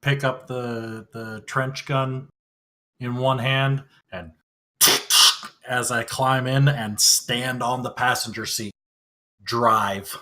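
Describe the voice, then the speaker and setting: A man playing a tabletop game, describing his character's actions in a relaxed, drawling way. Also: mid-range voice, slow pace, background noise. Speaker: player.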